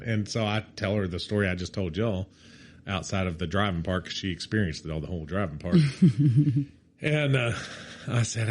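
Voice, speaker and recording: A middle-aged man co-hosting a casual chat, telling an animated story, acting out what people said and laughing often. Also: fairly low pitch, moderate pace. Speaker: podcast co-host.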